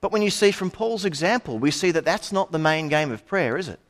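A man's voice: fairly high pitch, expressive, brisk. A middle-aged man preaching a sermon in a conversational way, with asides and rhetorical questions.

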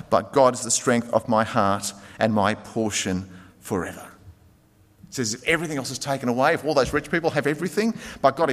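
A man preaching a sermon as a pastor, earnest, swinging from emphatic to very soft. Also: medium pitch. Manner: earnest, rising to emphatic then dropping very soft. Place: church. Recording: reverberant church hall.

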